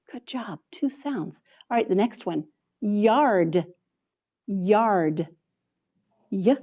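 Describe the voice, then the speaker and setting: Woman reading teacher, slightly high and warm, unhurried sound-by-sound phonics demo with steady praise. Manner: slow, drawn-out sounding out of words with frequent praise. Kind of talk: modeling a phonics lesson for kids. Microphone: video call.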